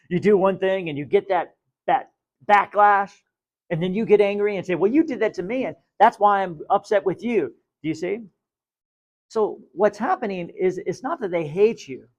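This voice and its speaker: A man's voice: high voice, muffled recording. A man giving a spiritual teaching talk in an emphatic way, repeating key phrases and asking the listener questions.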